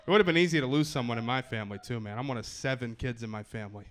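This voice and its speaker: A man's voice: mid-range voice, rapid-fire. A man performing stand-up comedy on a club stage with a handheld mic, wry and self-mocking, with punchy timing.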